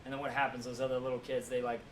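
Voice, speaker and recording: A man's voice: mid-range voice, little pitch movement, very fast, a bit bright. A man teaching a class in a lecture style. He keeps checking in with his listeners by asking "right?". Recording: echoey room, mic far off, faint noise.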